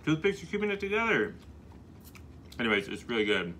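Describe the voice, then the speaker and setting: A man's voice: mid-range voice, sing-song, brisk, a bit bright, slight background noise. A man in his thirties co-hosting a casual chat and food review, trading upbeat, joking banter. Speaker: co-host.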